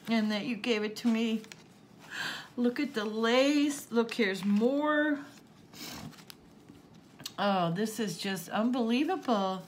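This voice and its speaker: Tearful and sniffling, the older craft-channel host unwraps a present while chatting casually, gasping and laughing as she gushes over it. She speaks slowly at a medium pitch, and a little hiss or hum runs under the recording.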